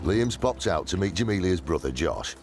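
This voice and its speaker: A man reading scripted documentary narration in a measured, wry way. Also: deep voice, lively intonation. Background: music.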